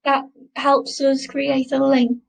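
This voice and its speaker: A woman teacher with a high, slightly gravelly voice leads a French lesson. She speaks slowly and carefully, repeating each word so learners can copy it. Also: little pitch movement, poor audio. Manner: slow, careful pronunciation drills, repeating words. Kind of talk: recorded classroom lesson.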